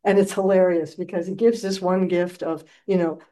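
A woman's voice: on the low side, fairly even intonation, moderate pace, warm tone, low-quality recording. A woman who teaches meditation, giving a dharma talk with playful storytelling in which she acts out scenes.

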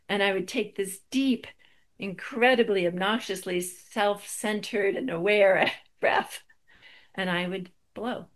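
Woman, middle-aged, slightly low voice, spiritual talk, wry self-deprecating storytelling.

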